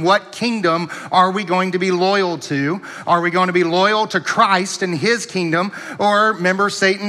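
A man's voice: high voice, pushed and bright, big-room sound. A man, preaching a sermon as pastor, telling folksy stories and chuckling often. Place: church sanctuary.

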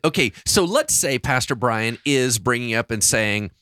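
A man's voice: medium pitch, lively intonation, moderate pace, hardly any pauses, pushed and bright, no echo, clean studio sound. A man co-hosting a podcast in a casual discussion, telling stories expressively and acting out his own reactions. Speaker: podcast co-host.

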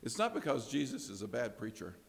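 A male preacher with a gravelly edge to his voice, delivering a sermon. He shifts earnestly between hushed tones and emphatic ones. His words ring out with the long reverb of a large hall. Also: mid-range voice, very animated, fairly quick. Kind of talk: expository sermon.

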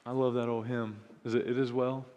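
A man preaching a sermon, earnest, rising to loud emphatic peaks and dropping to soft, hushed passages. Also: medium pitch, level tone, fairly quick. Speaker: pastor. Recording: long hall reverb.

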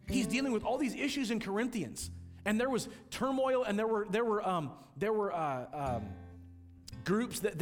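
A pastor in a big church hall, his fairly high voice carrying earnest, emotional preaching as he leads communion. Long reverb trails each phrase, and guitar music plays clearly behind him. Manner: earnest, emotional, repeats words when he pushes. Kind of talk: sermon leading communion.

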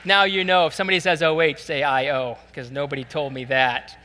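A man preaching a sermon in a relaxed, conversational storytelling way, with many fillers. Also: fairly high pitch, a little fast, long reverb tail, slight background noise. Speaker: pastor.

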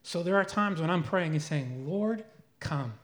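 A man's voice: on the high side, expressive, unhurried. A man answering faith questions at a live church Q&A in an earnest, reflective way. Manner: earnest, reflective, grows emotional.

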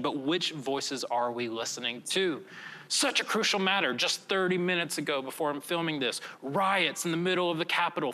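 A man's voice: on the high side, sharp tone, long reverb tail. A young man preaching a filmed sermon in an earnest, conversational way, often checking in with "right?". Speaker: pastor.

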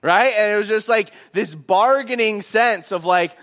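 Young male pastor with a high voice, animated sermon storytelling. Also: moderate pace, few pauses. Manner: animated, acts out quotes.

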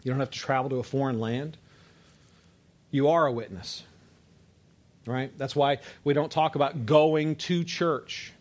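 A man preaching a sermon to a congregation, conversational and emphatic, dropping low and soft on key words and checking that listeners follow. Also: steady tone, a little slow, pauses often. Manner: conversational, builds to emphatic rises, asks audience to follow; frequent fillers and restarts, drops low and soft on key words.

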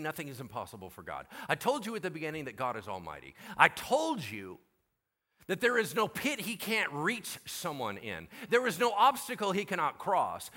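An animated male pastor delivering a sermon in a high, bright voice. His pitch swoops widely as he drops into casual, slangy impressions of the characters in his story. He is preaching in a church.

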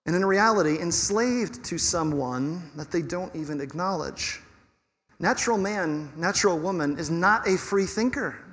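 A man preaching a sermon as pastor, conversational and animated, asking his listeners rhetorical questions. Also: sits high, normal speed. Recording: long reverb of a hall.

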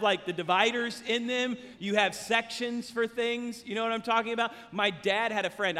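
A man preaching a sermon as pastor, telling a story in a conversational, animated way. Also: high voice, long reverb tail. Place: church.

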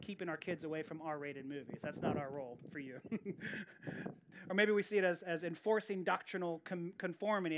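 A woman's voice: fairly low pitch, noisy background. A woman pastor preaching a sermon in an earnest, emphatic way, often repeating key phrases and restarting her sentences.

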